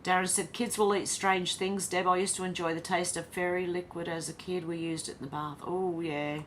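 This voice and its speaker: An Australian woman on the low side of pitch hosts a casual livestream, barely moving her pitch and keeping a moderate pace. Her tone is fairly bright as she reads comments aloud and answers them, with a little hiss or hum in the audio.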